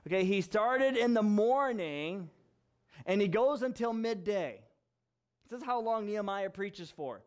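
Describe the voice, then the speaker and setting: Pastor, male, high-pitched, conversational sermon delivery, animated storyteller who does the voices. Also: unhurried. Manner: animated storytelling, acting out dialogue, frequent laughs.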